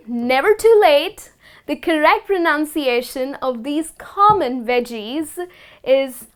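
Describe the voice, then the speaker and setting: A woman teaching the correct pronunciation of food words, speaking slowly and deliberately and repeating each word with care. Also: high voice, a bit bright. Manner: instructive, slow and deliberate, repeats words carefully. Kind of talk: scripted lesson to camera.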